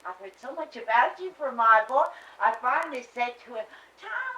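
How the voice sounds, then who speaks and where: A woman's voice: fairly high pitch, expressive, moderate pace, sharp tone, highs cut off. An actress playing a faded Southern belle mother who gushes and rambles with little laughs, in a Southern accent. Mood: gushing. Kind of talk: stage play scene. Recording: roomy stage sound from far off.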